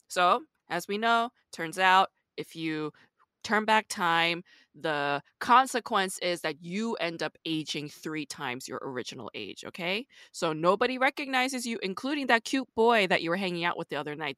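A woman hosts a casual podcast, laying out playful hypothetical scenarios for her guest. Her voice is bright and forward. The sound is close and dry. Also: fairly low pitch, lively intonation, moderate pace, dry recording. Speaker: podcast host.

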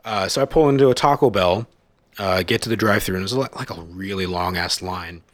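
A man's voice: deep voice, brisk, no room sound. A man on a podcast telling crude stories in a casual chat, swearing freely and acting out the people he describes. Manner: profane, animated storyteller, mimics shouting people.

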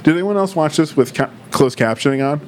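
Casual male co-host, animated delivery, wide pitch swings, faint background hiss. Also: fairly quick. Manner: animated, laughs often, acts out quotes. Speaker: podcast co-host. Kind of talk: casual chat.

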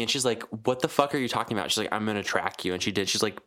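Deep-voiced man telling wild stories. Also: rapid-fire. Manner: animated storyteller, jumps up high for quoted voices; profane, rambling with many fillers. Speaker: podcast co-host. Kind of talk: casual chat.

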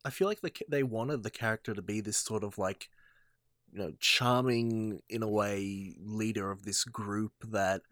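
A man's voice: lowish voice, a bit bright, no room sound, clean studio sound. A man in a casual film review chat, thoughtful and a little rambling. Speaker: podcast co-host.

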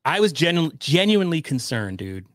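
A man's voice: a little high, very animated, moderate pace, dry recording. Sarcastic man co-host, dry mic. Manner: sarcastic, self-mocking, needling. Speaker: podcast co-host. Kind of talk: casual podcast chat.

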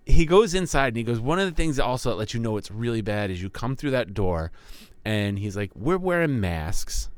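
A man's voice: mid-range voice, big pitch swings, a little fast, no echo. A man co-hosting a casual podcast, retelling a friend's story in a rambling way and chuckling often. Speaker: podcast co-host.

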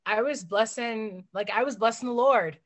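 A young woman co-hosting a podcast in casual chat, animated and joking, laughing often. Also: on the high side, moderate pace. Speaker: podcast co-host.

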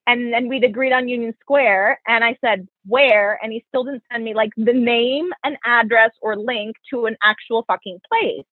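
A young woman with a fairly high, husky voice tells a long personal story to a friend. She is frank and profane, and she quotes both sides of every exchange. The audio is dry, narrow and phone-like. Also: normal speed, few pauses, no echo. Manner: animated, profane, quotes people in her stories. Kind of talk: casual storytelling chat. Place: New York.

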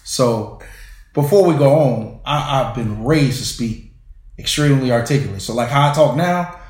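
A man's voice: mid-range voice, expressive, moderate pace, a little mellow. A man in a casual group chat, telling anecdotes and often checking for agreement with "right?". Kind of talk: casual storytelling. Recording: roomy echo.

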